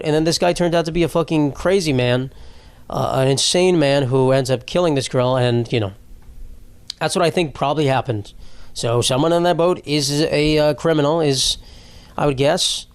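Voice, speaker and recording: A man hosting a podcast, talking in a casual, rambling comedic monologue, irreverent and laughing his way through dark news stories. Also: a little high, a little fast, smooth, no echo. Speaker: podcast host.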